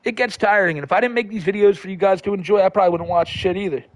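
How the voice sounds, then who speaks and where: A man's voice: sits high, rapid-fire, dry recording. A man hosting a livestream, reading viewer comments in a rambling, profane, laid-back way. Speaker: livestream host.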